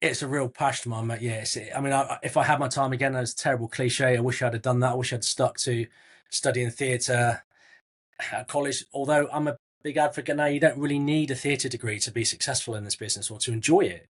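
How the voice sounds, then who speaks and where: A middle-aged man from Southwest England with a husky, slightly breathy voice. He talks casually as an interview guest, chatty and matey, often restarting his sentences. His pitch sits in an ordinary middle range. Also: fairly even intonation, a little fast. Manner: chatty, frequent restarts, calls people mate.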